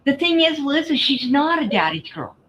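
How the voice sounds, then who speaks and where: A woman's voice: high voice, big pitch swings, normal speed, fairly bright tone. Blunt woman telling stories. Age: middle-aged. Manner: frank, storytelling, blunt. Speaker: host. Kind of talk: casual chat while crafting. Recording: slightly dull stream audio, faint background noise.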